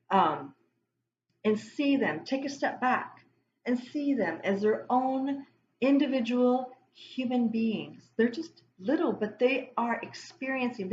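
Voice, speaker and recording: Speaking to camera, this woman offers a relaxed spiritual tarot reading that wanders into tangents as she breaks off her own thoughts with warmth. Her pitch sits in the middle range. The room sounds echoey, the audio is dull, and there's slight background noise.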